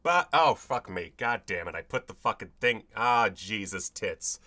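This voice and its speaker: A man's voice: fairly low pitch, lively intonation, normal speed, few pauses, bright, forceful tone. A man hosting his own show, chatting casually, rambling, swearing and mocking himself as he fiddles with his setup. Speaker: host. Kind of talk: casual home video chat.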